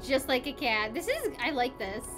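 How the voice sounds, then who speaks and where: A woman streamer giving excitable, gasping commentary as she plays a game live and chats to her viewers. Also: sits high, moderate pace. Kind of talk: live let's play commentary. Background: game music.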